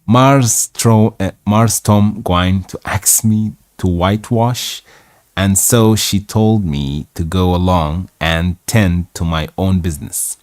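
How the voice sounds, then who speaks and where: A man reading as a reluctant water-carrying boy. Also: low voice. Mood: pleading. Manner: halting dialect reading.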